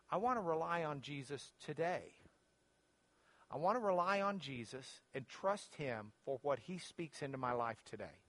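A man teaching a Bible lesson as a sermon, earnest and rising in pitch when he quotes Scripture, closing in prayer. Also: fairly bright tone, no echo.

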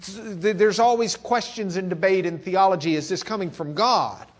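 A man's voice: high-pitched, normal speed. Texan man teaching a church class. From Lubbock, Texas. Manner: conversational, swings between loud questions and quiet musing. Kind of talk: classroom sermon lecture.

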